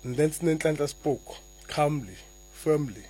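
A man, a guest author answering interview questions and reading slowly and deliberately from his own memoir. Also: medium pitch, husky, rough recording. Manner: soft-spoken, slow and deliberate when reading.

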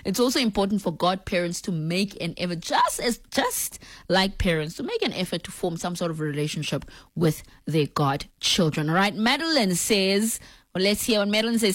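A woman's voice: mid-range voice, moderate pace, no room sound. Woman host, chatty and laughing a lot, mid voice, dry close sound. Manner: lively, laughing, acts out family scenes. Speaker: radio talk show host. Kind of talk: casual on-air chat, reading listener messages.

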